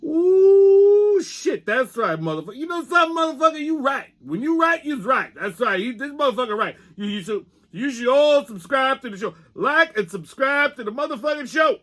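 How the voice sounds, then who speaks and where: A man voicing a brash, foul-mouthed male puppet sidekick with loud, profane, streetwise banter. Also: very high-pitched, very animated, moderate pace, hardly any pauses, pitched above the performer's own voice, heavily acted. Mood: enthusiastic.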